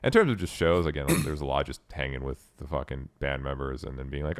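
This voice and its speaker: A man's voice: rumbling low, fast talker, no echo. A young man chatting casually, rambling with many restarts and lots of swearing. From Canada. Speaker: podcast guest. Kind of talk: casual chat.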